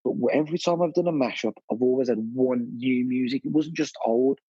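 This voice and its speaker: A man, a DJ guest telling his story in a blunt, animated, casual way, full of "you know" and "mate". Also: medium pitch, fairly quick, breathy edge, dry recording, lo-fi sound. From Birmingham, England.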